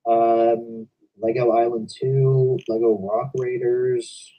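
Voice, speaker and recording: A man's voice: mid-range voice, level tone, takes it slowly, distant mic, lo-fi sound. A young man hosting a stream, chatting casually and rambling about video games. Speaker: stream host. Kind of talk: casual chat. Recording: voice from away from the mic.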